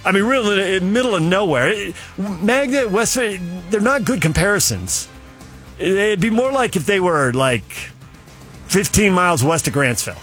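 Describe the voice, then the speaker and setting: Middle-aged male sports talk host, slightly high voice, chatty storyteller, faint music bed. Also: lively intonation, normal speed, fairly bright tone. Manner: rambling, opinionated, storytelling. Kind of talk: casual sports talk monologue.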